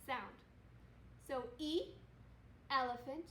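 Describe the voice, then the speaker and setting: Woman, second grade teacher, phonics lesson, encouraging, very slow pace, echoey room. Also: high voice, fairly bright tone. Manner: upbeat, encouraging, stretches out vowel sounds. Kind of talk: slow, repetitive phonics lesson for young children. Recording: echoey room with faint noise.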